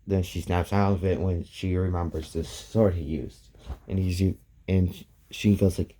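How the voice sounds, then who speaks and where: A man retells a fan story in a slow, unhurried way, stopping and restarting as he goes. His voice sits low and sounds very dark and mellow. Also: steady tone. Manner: halting, many restarts and "goes like".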